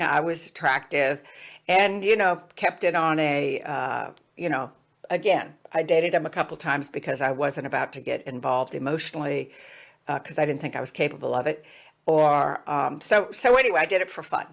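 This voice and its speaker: A woman with a notably low-pitched voice recounts her own life in a loose, conversational way. She talks frankly and pokes fun at herself, with plenty of "uh" and "you know" as she goes. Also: gravelly. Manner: conversational, animated, with frequent fillers and restarts; frank and self-deprecating. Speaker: speaker sharing a personal story. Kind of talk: candid personal storytelling.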